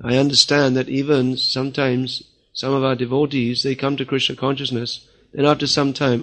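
A man's voice: mid-range voice, little pitch movement, moderate pace, fairly bright tone. A man delivering a religious lecture in a firm, scolding manner. He often quotes others in mock voices. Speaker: spiritual teacher.

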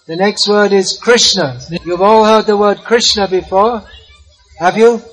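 High-voiced man leading a chant. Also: a little slow, a bit bright, poor audio. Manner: patient, inviting, repeats words for a crowd. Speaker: devotional teacher. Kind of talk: street talk on spiritual philosophy, leading a chant.

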